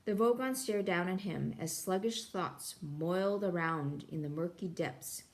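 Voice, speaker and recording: A woman reading a novel aloud in an expressive, playful way. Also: lowish voice, a little slow. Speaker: reader.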